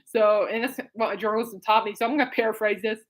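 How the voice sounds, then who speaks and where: A woman's voice: a little high, fairly even intonation, fast talker, rough recording. A woman hosting a podcast in a casual live-stream chat, rambling and breaking into giggles often. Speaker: podcast host.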